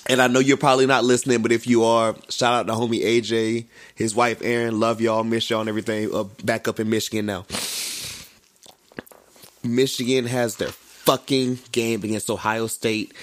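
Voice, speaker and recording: A man co-hosting a casual sports podcast with a relaxed, rambling delivery. He leans on slang and fillers and drifts from point to point. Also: mid-range voice, normal speed. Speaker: podcast co-host.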